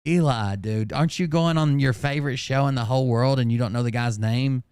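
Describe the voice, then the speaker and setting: A man's voice: mid-range voice, brisk, a little mellow, clean tone, no echo. A man hosting a live stream, reacting to clips in a blunt, profane and sarcastic way. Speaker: channel host reacting to clips.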